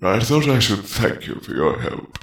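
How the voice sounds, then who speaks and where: Man voicing gentle elderly headmaster, deep and gravelly, measured. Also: very animated, reverberant. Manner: measured and polite. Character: calm, courteous elderly male headmaster. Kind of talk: audiobook fan fiction reading.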